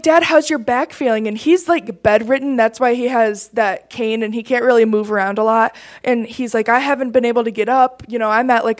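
A young woman from Michigan telling a personal testimony story, laughing often and getting excited as she talks. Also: on the high side. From Michigan, USA. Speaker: campus ministry team member.

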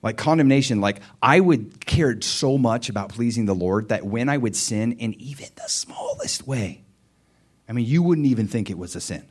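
A man preaching a sermon, telling a personal story with lively swings between quiet muttering and loud, high cries. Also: normal speed, slightly rough.

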